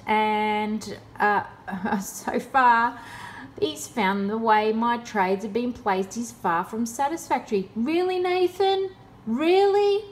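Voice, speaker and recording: A woman's voice: medium pitch, slight background noise. A woman in a casual vlog, talking in a sarcastic, exasperated way. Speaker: vlogger.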